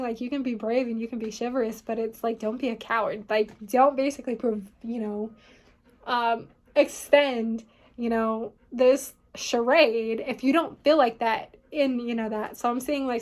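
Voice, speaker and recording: A woman's voice: a little high, a little mellow. A woman giving a casual tarot reading, rambling and filling her talk with "like" and "you know what I mean". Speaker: tarot reader.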